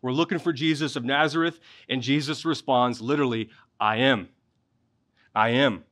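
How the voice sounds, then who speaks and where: A man's voice: medium pitch, a bit bright. Male pastor with a faint twang and a mid-range voice. Expository sermon delivery that climbs to passionate peaks. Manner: expository preaching, rising in intensity at key points.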